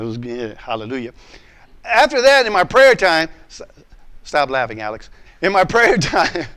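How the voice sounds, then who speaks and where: Male pastor, sermon, fairly high voice, animated storytelling, repeated restarts.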